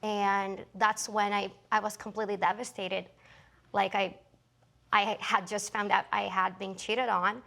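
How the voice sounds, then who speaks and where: A woman testifying as a defendant in a courtroom, defensive and quick to jump in with denials. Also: mid-range voice, flat delivery, creaky, bright, forceful tone. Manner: defensive, quick to deny and interject. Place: courtroom set.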